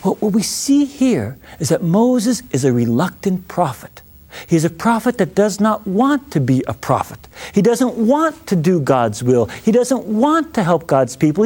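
Male Bible teacher, folksy and jokey, high-pitched and very lively. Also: measured pace, slightly rough. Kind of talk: informal Bible lesson.

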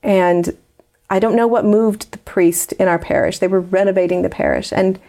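A woman's voice: mid-range voice, steady tone, moderate pace, dark tone. A woman from the United States, a guest in an interview, earnestly telling a personal story with frequent fillers.

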